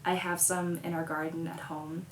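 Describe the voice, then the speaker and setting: A woman's voice: on the low side, level tone, moderate pace, echoey room. A young woman from Colorado, a musician, chatting casually and answering fan questions with bubbly giggles and plenty of fillers, talking from a hotel room. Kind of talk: casual chat.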